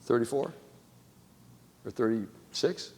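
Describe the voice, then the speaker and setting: A man delivers a sermon in a gravelly voice at a middle pitch. He throws rhetorical questions at his listeners and swings from loud, exclaimed lines to hushed, near-whispered ones. His words carry a long echo from the hall. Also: slow pace. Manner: asks the audience rhetorical questions. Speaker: preacher.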